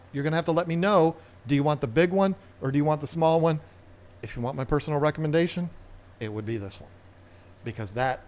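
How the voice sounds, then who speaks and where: A man's voice: on the high side, a little mellow, a little hiss or hum. Chatty man hosting an aquarium live stream. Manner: chatty, rambling, playful. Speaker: aquarium channel host. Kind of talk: casual live-stream chat.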